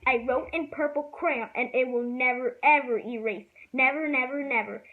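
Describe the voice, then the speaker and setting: A stubborn, proud little girl, put on by a woman reading a storybook aloud, who drags her words out slowly and pushes them loud. The voice sits a little high, and the tinny, phone-like recording thins it out.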